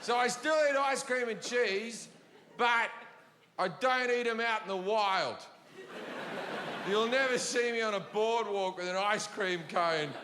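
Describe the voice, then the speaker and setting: A man's voice: sits high, unhurried. A man doing a profane stand-up routine, telling blunt, ranting stories to a live audience. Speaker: stand-up comedian. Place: large venue before a laughing audience. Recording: live show in a reverberant hall with audience noise.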